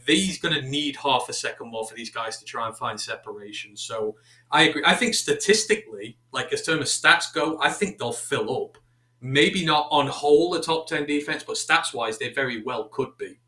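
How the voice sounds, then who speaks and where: A man co-hosts a casual sports chat and gives long, analytical answers. His voice has a mid pitch and a bright, forceful edge. It rings out in an echoey room. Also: animated, normal speed. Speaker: co-host.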